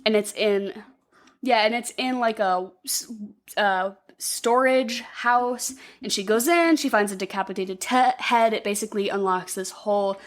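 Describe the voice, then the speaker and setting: A woman co-hosting a podcast, recapping a movie in a rambling, profane way and acting out the characters' lines in quick put-on voices. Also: mid-range voice. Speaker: podcast co-host. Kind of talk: casual movie recap chat.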